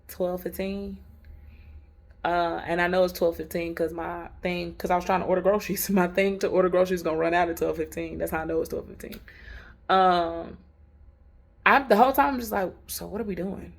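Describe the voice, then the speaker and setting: A woman's voice: lowish voice, flat delivery, moderate pace, creaky. A woman telling her faith story in a casual vlog from a hotel room, chatty, candid and emphatic, laughing often. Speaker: vlogger.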